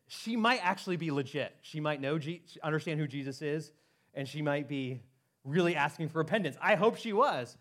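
A man preaching a sermon as pastor, animated and conversational, acting out quoted voices with frequent restarts. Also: on the high side, normal speed.

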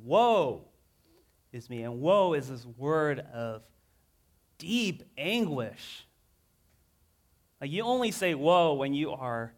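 Earnest man preaching a sermon. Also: a little high. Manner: earnest, reads scripture dramatically with rising emotion; casual, conversational asides.

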